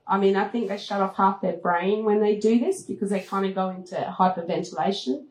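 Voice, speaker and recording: A woman who hosts a travel show, telling a story to a retreat audience in a lively way, laughing often and squealing as she acts out moments. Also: medium pitch, brisk. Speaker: travel TV host giving a talk. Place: event room at a retreat. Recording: roomy echoing hall.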